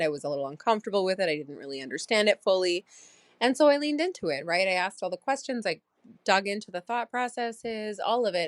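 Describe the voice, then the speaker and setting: A woman's voice: lowish voice, no echo. A woman in her thirties hosting a personal diary podcast, reflective and rambling with many fillers. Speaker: podcast host.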